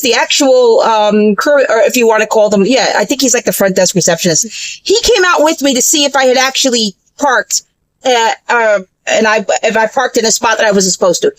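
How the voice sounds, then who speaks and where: A woman's voice: a little high, fairly bright tone, dry recording, poor audio. A woman telling a story in a casual, profane rant full of fillers and restarts. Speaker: vlogger.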